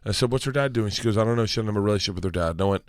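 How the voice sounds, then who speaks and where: A man telling a story as a guest on a talk show, excitable and swearing, acting out the dialogue. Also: on the low side, racing, no room sound, clean studio sound. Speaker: guest comedian. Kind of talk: animated storytelling.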